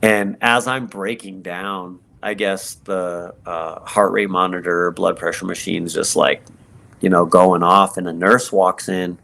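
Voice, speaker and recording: A man, a podcast guest, telling his personal story in an earnest, halting way with many fillers and restarts. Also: deep voice, little pitch movement, vocal fry, sharp tone. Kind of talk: personal testimony in conversation.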